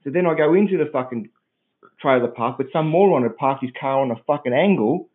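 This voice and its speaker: A man's voice: medium pitch, brisk. An Australian man ranting crudely and swearing bluntly in casual chat, rambling as he talks. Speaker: podcast co-host. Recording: tinny phone-like audio.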